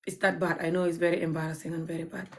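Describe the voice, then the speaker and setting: A woman's voice: fairly low pitch, level tone, very fast, slight background noise. A woman from Gambia with a Gambian accent, chatting casually to her viewers, blunt and cheeky and often breaking into laughter. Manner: cheeky, frank and outspoken. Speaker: vlogger. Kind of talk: casual storytelling chat.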